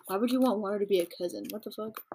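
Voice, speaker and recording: A woman's voice: racing, noisy background. A young adult woman hosting a casual commentary podcast from home, chatting in a rambling way. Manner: chatty, rambling, with mocking high-pitched impressions. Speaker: podcast host.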